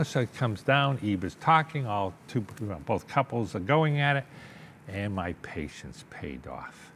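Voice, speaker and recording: Older New man, low voice, animated storyteller who does the voices, faint hum under the recording. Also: unhurried. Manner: animated storyteller, acts out voices, keeps asking "okay?". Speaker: interview guest, business owner. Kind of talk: storytelling in a sit-down interview.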